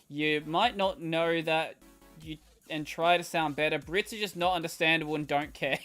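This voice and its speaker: This Australian man's voice sits on the high side, slightly nasal, pushed and bright. Answering viewer questions on a live stream, he rambles in casual chat, full of fillers and false starts.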